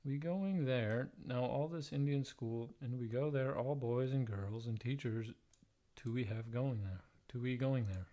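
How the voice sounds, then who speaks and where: A man livestreaming, reading old letters aloud in a plain, halting way, breaking off for blunt, profane joking asides. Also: medium pitch, dark tone. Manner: plain, halting read-aloud delivery, stumbling and restarting over odd wording.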